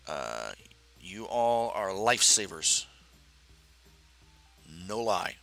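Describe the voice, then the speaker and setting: A middle-aged man hosting a live stream, talking casually and haltingly with many fillers and restarts. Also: fairly low pitch, very animated, gravelly, a bit bright, faint music behind.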